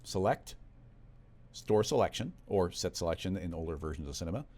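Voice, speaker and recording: A man walking through a software tutorial in a relaxed, conversational step-by-step way. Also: low-pitched, fairly quick. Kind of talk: screen-recorded software tutorial.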